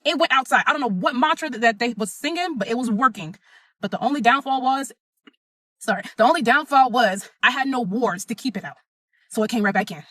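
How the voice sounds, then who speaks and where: A woman's voice: on the high side, brisk, sharp tone, no room sound. A young adult woman telling her own story in a blunt, emphatic, profane way. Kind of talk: casual first-person storytelling.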